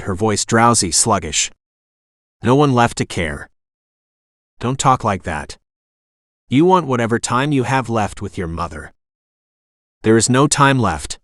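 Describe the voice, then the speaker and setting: A male text-to-speech narrator reading an audiobook with a lively, rising and falling pitch. The sound is dry and close, with no room around it. The pace stays steady and smooth. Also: no echo. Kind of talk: scripted narration.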